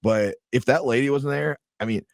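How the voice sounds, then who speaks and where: A man's voice: medium pitch, moderate pace, creaky, no echo, studio quality. A man co-hosting a podcast, telling a story casually and animatedly, swearing freely and acting out what people said. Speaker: podcast co-host.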